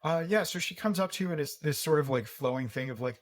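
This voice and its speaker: A man's voice: mid-range voice, fairly even intonation, quick pace, hardly any pauses. A man narrating and calling checks as game master, in a hesitant, filler-heavy way. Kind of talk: running a tabletop game.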